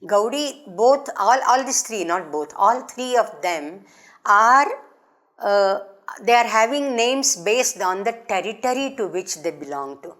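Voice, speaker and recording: A middle-aged woman professor, giving a lecture, explaining slowly with restarts and chanting verse in a quick recitation. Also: mid-range voice, lively intonation, a bit bright. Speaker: professor lecturing on Sanskrit drama. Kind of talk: academic lecture.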